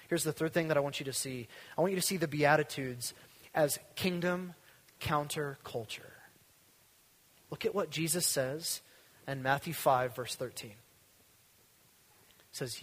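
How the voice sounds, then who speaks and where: Male pastor, high, husky voice, earnest emphatic sermon delivery, long hall reverb. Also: a little slow, pauses often. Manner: earnest and emphatic, drops to a hush for weight.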